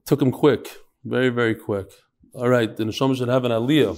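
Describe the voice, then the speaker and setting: Over slight background noise, a man with a mid-range, darkish voice and fairly even intonation teaches a live class at a fairly quick clip. He reads out listener messages, adds offhand asides, and uses lots of Yiddish and Hebrew terms.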